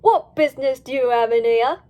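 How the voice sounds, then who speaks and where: A woman's voice: high-pitched, very animated, normal speed, a little mellow. A woman voicing a stern, suspicious female guard dog at a pound, talking with authority.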